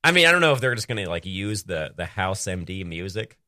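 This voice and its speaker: A man's voice: sits low, very animated, a little fast, bright, forceful tone. A man co-hosting a casual comedic podcast, playfully coaching with mock-serious critique. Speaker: podcast co-host.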